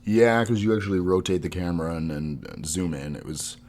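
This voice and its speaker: A man's voice: low-pitched, brisk, darkish tone, slight background noise. A man co-hosting a podcast in casual chat, rambling and laughing often. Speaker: podcast co-host.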